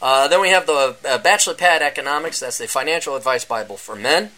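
A man hosting a casual solo podcast, rambling and sarcastic, often mocking other people in a high voice. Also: quick pace, sharp tone. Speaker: podcast host. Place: indoors during a power outage.

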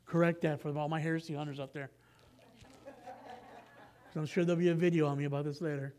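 A man's voice: on the high side, fairly even intonation, fairly quick, a little mellow. A man giving a sermon as pastor, reading scripture in a casual, conversational way with frequent asides and self-corrections.

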